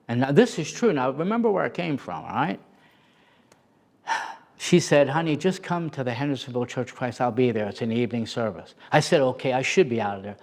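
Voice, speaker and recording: A middle-aged man telling personal stories in an animated way, laughing often and acting out the voices of the people he quotes. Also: medium pitch. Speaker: interview guest, storyteller.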